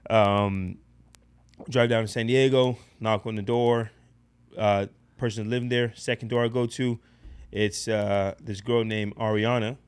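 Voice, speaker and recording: A man's voice: on the low side, a little slow, clear, resonant tone. Blunt, profane man telling a story. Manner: profane, blunt, animated retelling. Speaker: podcast guest. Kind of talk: casual storytelling.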